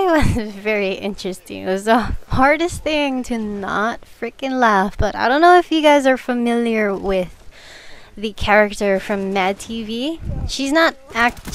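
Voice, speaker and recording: A young woman chatting casually over gameplay, telling work stories and giggling often. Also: on the high side. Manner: giggly, laughs through her stories. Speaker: gaming video commentator. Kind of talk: casual gameplay commentary storytelling.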